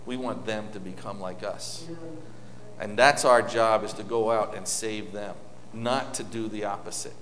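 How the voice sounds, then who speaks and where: A man's voice: fairly low pitch, measured pace, a bit bright, slight background noise. A man preaching an informal sermon, telling stories with many restarts and asides to a congregation. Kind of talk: conversational sermon. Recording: echoey hall with long reverb.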